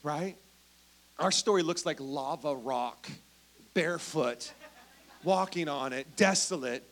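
A man preaching a sermon, telling Bible stories with animated emphasis and dropping to a hush, speaking directly to the congregation. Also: on the high side, takes it slowly. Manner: animated storytelling, swings from loud emphasis to hushed. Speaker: pastor.

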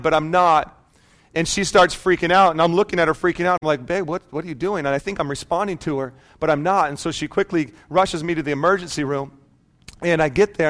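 Man, pastor, sermon, high-pitched voice, animated storytelling, calls out to congregation.

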